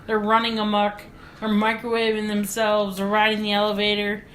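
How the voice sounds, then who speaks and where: A woman co-hosting a casual movie podcast, chatty with quick interjections, recorded at someone's home. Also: mid-range voice, completely flat delivery, reverberant, a little hiss or hum. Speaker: podcast co-host. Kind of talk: casual movie review chat. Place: guests' home, remote location.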